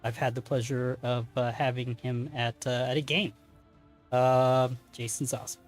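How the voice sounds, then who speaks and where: Chatty game master, faint music behind. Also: male voice, mid-range voice, level tone, normal speed. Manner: rambling, chatty, many fillers and self-corrections. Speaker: game master and stream host. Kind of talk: casual stream announcements.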